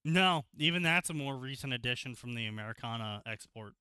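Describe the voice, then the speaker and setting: Male streamer, bright and smooth-toned, animated and sarcastic, crude asides, dry close mic. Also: mid-range voice, a little fast, no room sound. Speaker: co-host reading fanfiction aloud. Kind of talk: casual livestream commentary.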